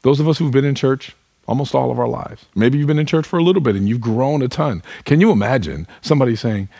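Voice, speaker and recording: Husky-voiced man preaching a sermon. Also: medium pitch, fast talker, warm tone, no room sound. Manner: earnest, asks the listeners direct questions; speaks to the congregation as "y'all". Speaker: pastor.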